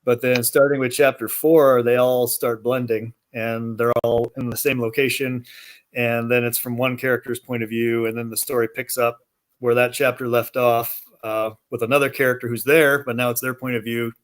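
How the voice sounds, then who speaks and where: Man, mid pitch, guest author, steady explaining, some uh's. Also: moderate pace. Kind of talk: interview answers.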